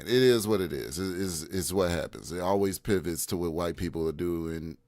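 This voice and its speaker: A man's voice: deep voice, moderate pace, darkish tone, no echo, studio quality. A man on a casual livestream panel who talks emphatically and repeats phrases for effect.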